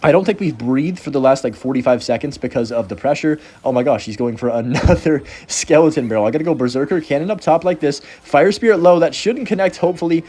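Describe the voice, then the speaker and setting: Young guy doing fast hyped game commentary, kinda mellow dark voice, close mic. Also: a little high, husky. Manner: excitable, talks fast and reacts loudly to the play. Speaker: gaming video creator. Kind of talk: live gameplay commentary.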